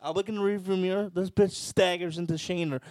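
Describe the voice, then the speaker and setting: A man's voice: sits high, fairly quick, no room sound. A man casually telling a wild, crude story on a podcast, swearing freely. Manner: crude, profane, animated storyteller.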